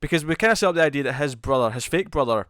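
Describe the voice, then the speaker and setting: Co-hosting a casual review podcast, this man talks very fast in animated bursts, full of restarts and repeated words. His fairly high voice is smooth and resonant, and the recording is dry with no room sound at all.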